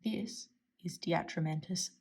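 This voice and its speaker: Australian woman host, casual chat, husky and mellow, enthusiastic with soft murmured asides. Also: lowish voice, unhurried. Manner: chatty, enthusiastic, often drops to a soft near-whisper. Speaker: stationery channel host. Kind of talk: casual chat while swatching inks.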